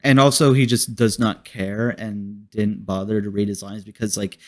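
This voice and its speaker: A man's voice: on the low side, level tone, normal speed, darkish tone. A man hosting a casual podcast, reviewing a movie in a rambling, profane way and laughing often. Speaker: host.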